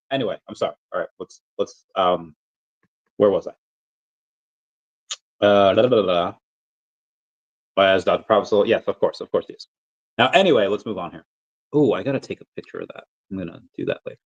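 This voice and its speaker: A man's voice: medium pitch, animated, normal speed. A man hosting a casual livestream, rambling and thinking aloud with lots of fillers as he reads chat messages. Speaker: crypto livestream host. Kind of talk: casual livestream chat reading super chats.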